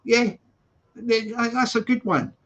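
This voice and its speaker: A man chatting casually on a live stream from his flat, repeating phrases and laughing a lot as he greets viewers. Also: extremely high pitch, unhurried, muffled recording. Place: flat with balcony door open.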